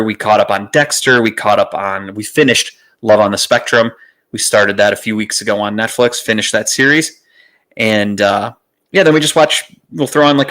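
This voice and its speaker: A man hosting his own podcast in a casual, rambling way, swearing freely and filling pauses with "uh". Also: fairly low pitch, a bit bright. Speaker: podcast host. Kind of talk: casual solo podcast chat. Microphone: streaming setup mic.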